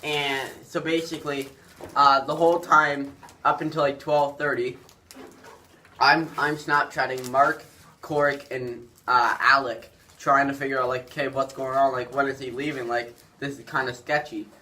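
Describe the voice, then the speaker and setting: A man's voice: medium pitch, flat delivery, normal speed, bright, forceful tone. A young man telling a story in a rambling, casual way, full of fillers, as a YouTuber. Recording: distant mic with faint background noise.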